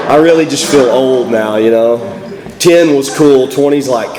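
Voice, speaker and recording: Texan man, hoarse from a cold, speaker at a recovery meeting; casual and self-deprecating; roomy reverberant hall. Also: mid-range voice, measured pace, noisy background. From Texas. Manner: folksy, self-deprecating, joking. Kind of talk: personal recovery talk. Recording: echoey hall.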